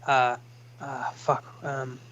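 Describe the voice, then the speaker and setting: A man's voice: medium pitch, level tone, extremely slow, a bit bright. A man telling a rambling, profane story in a played clip. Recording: dull lo-fi clip audio.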